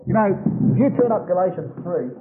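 A man's voice: high-pitched, animated, slight background noise. Male preacher on a tinny phone-like recording. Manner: slows to stress quoted scripture. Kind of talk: expository Bible sermon.

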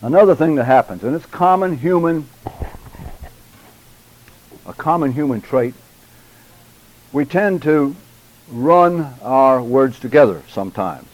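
A man's voice: medium pitch, animated, rough recording. Emphatic older man teaching a class. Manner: deliberate, emphatic, addresses students directly. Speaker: public speaking instructor. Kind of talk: church speaking class lecture.

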